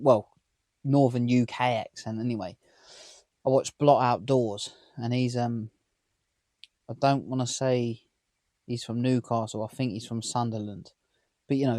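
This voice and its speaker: A man's voice: mid-range voice, a little mellow, dry recording. Man, 30s, London-area accent, mid-range voice, dry close sound, rambling vlog chat from a van. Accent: southern English, London area. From England. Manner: rambling, chatty, asks viewers questions. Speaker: vlogger. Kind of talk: casual chat to camera. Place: inside a parked camper van.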